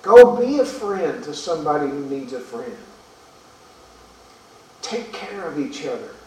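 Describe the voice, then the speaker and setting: A male pastor delivers his sermon with earnest rhetorical questions and halting repetitions. His voice sits on the higher side. It reaches us from a distance through heavy room echo over a faint hiss. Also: very animated, darkish tone. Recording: echoey room from far off.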